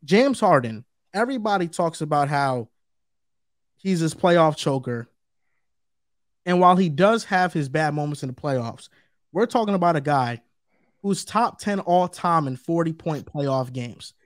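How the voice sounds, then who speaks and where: A man's voice: a little high, expressive, measured pace, dry recording, studio quality. A man co-hosting a sports debate show, talking emphatically and repeating his points for stress. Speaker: co-host.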